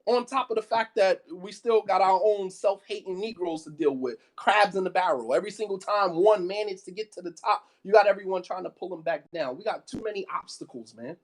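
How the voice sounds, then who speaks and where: A man's voice: high voice, brisk, few pauses. A man giving an impassioned sermon, firing off rhetorical questions and repeating phrases for emphasis. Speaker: preacher.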